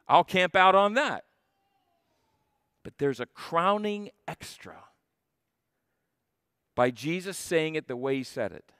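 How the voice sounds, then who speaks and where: A man preaching a sermon as a guest pastor, stressing key phrases and slowing down to repeat them. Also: high-pitched, lively intonation, pushed and bright, no echo, studio quality. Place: church sanctuary.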